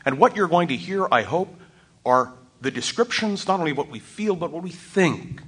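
A man's voice: a little high, animated, moderate pace, a bit bright, slightly rough. Blunt, firm man on a panel. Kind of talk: panel discussion.

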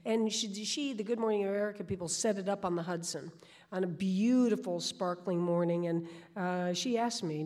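A woman, telling stories as a guest in an animated way and often restarting her sentences. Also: medium pitch, normal speed. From New York. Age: 60s. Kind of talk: storytelling.

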